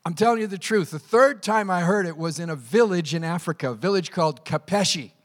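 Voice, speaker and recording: High-voiced pastor preaching. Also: male voice, brisk, few pauses. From Canada. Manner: animated storytelling, acting out quotes. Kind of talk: sermon.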